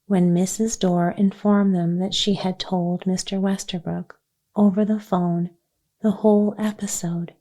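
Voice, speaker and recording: A woman gently narrating a children's chapter book as a soothing bedtime story for sleep. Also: medium pitch. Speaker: audiobook narrator.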